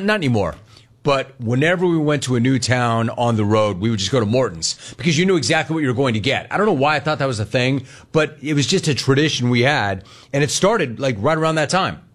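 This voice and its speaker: A man's voice: medium pitch, a bit bright. A man hosting a talk radio show, telling a story in a brash, mocking way. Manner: brash, mocking, fast-riffing. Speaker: sports talk radio host. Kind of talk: casual chat, storytelling.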